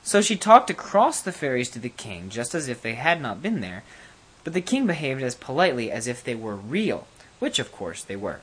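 Storybook narrator, expressive, very lively pitch, reading aloud. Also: normal speed, breathy edge. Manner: expressive, animated.

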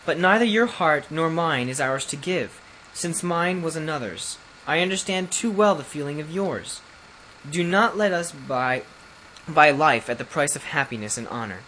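A man voicing a proud, honourable young crown prince who speaks in a stately, formal way, a little above his own pitch. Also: animated, moderate pace, bright, forceful tone, a little hiss or hum, low-quality recording. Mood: earnest.

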